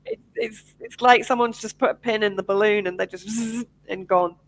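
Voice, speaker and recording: A woman's voice: mid-range voice, normal speed, gravelly, low-quality recording. A woman guest talking emphatically and with exasperation, with a head cold. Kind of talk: casual chat.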